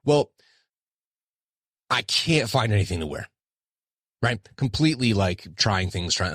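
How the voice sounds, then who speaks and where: A man's voice: lowish voice, expressive, measured pace, pauses often, a bit bright, slightly rough, no room sound, studio quality. A middle-aged man hosting his own podcast, talking candidly and self-deprecatingly in a rambling casual monologue. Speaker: podcast host.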